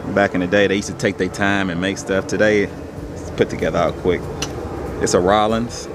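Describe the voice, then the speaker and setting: A man's voice: deep voice, little pitch movement, moderate pace, noisy background. A young man casually talking through his resale haul in a laid-back, rambling, slangy way. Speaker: online reseller showing his haul.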